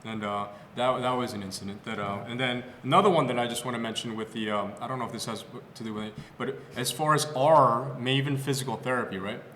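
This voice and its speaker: A man's voice: mid-range voice, fast, few pauses, a little hiss or hum. A male physical therapist on a podcast, telling patient stories casually with lots of fillers and restarts. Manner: storytelling, animated, with many fillers and restarts. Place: clinic podcast room. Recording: roomy echo with long reverb.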